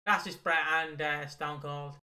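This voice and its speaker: A man's voice: on the high side, fairly even intonation, a little slow, bright, forceful tone. A man co-hosting a casual wrestling podcast, recapping in a rambling way, swearing and laughing at his own stories. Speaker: podcast co-host. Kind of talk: casual chat about wrestling.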